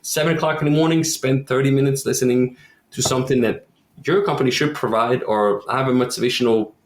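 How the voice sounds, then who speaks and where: Here the Quebec roofer talks fairly quickly in a medium-pitched voice, with reverberation around him, during a laid-back podcast interview. As he spins his stories, he animatedly acts out quoted voices.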